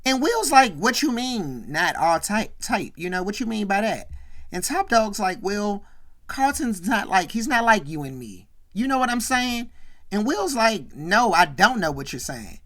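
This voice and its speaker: A woman's voice: medium pitch, fairly bright tone. A woman hosting a show, casually recapping a sitcom episode, quoting the characters and filling her talk with "you know" and "right". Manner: retells scenes by quoting the characters' lines.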